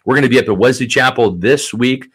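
A man's voice: mid-range voice, fast talker, a bit bright, husky. A man from the Tampa area hosting a live sports chat stream, easygoing and chatty, reading out viewer messages and plugging sponsors. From Tampa area, Florida. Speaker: sports show host.

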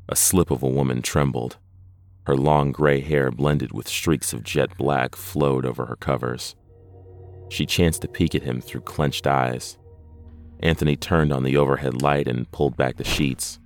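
A man narrating a horror story in a measured, deliberate scripted reading. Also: rumbling low, fairly even intonation, creaky, dry recording, soft background music.

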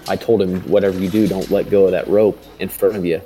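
A man in his thirties, a father, recounting a frightening rescue in a halting way, with many fillers and restarts. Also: low-pitched, steady tone, dark tone. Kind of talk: interview testimony.

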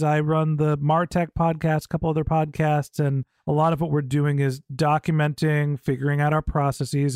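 A man's voice: on the high side, creaky, darkish tone, dry recording. Man in his forties hosting a podcast. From Silicon Valley, USA. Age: 40s. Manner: joking, dry tongue-in-cheek humor. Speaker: podcast host. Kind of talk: casual interview chat.

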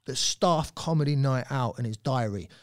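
A man from Surrey, a comedian guest on a podcast, telling stories in an animated way and swearing freely. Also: mid-range voice, moderate pace. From Surrey, England. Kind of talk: casual podcast chat.

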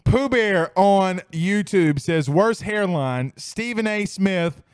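Hosting a sports livestream while tipsy on whiskey, this young man reads viewer comments aloud, rowdy, laughing and swearing. His voice is high, expressive and slow, with a clear, resonant tone.

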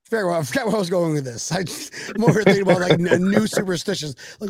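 A man's voice: high voice, fast talker, no room sound, studio quality. A man co-hosting a casual sports chat, rowdy and joking, swearing and slipping into silly voices. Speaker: podcast co-host.

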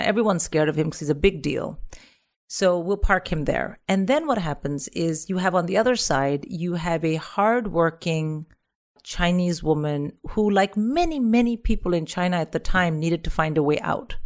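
A woman from India, a comedian guest, telling a story in a lively comic style and putting on the voices of the people in it. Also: lowish voice.

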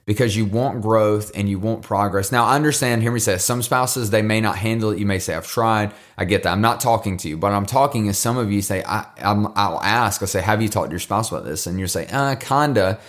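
A man's voice: on the low side, a little fast, few pauses. A man hosting a devotional podcast, talking casually and earnestly, encouraging listeners and often repeating words as he goes. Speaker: podcast host.

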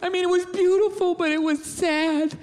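A man's voice: extremely high pitch, steady tone, moderate pace, a little mellow, voice pushed up. A man voicing his own wife, emotional and worked up, in a stand-up bit. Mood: tearful. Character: emotional wife, soft then alarmed. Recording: reverberant theater, faint noise.

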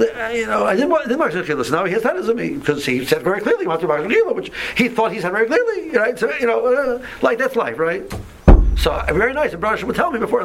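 A man's voice: high voice, gravelly, fairly bright tone, a little hiss or hum, rough recording. A man teaching an informal Torah class, talking conversationally with many restarts and asides.

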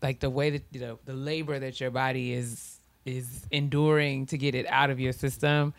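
A podcast co-host in easy conversation, animated and quick to laugh. They play with the sound of words and toss them back and forth at a middle pitch. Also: no echo. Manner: animated, laughs often, repeats words for fun. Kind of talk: casual chat.

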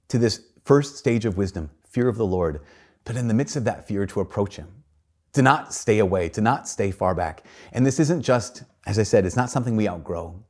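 A man's voice: on the low side, a little mellow. A man, a priest, giving a homily in an earnest storytelling manner, with shifting emphasis.

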